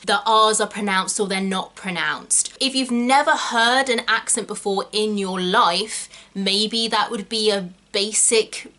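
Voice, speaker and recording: A young woman with a Southern English Estuary accent talks through a casual lesson for her channel. Her voice is bright and forward, and her pitch sits in a middle range. She chats quickly and stresses points firmly, with little asides along the way. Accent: Southern English (Kent, Estuary). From England. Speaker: actor and channel host.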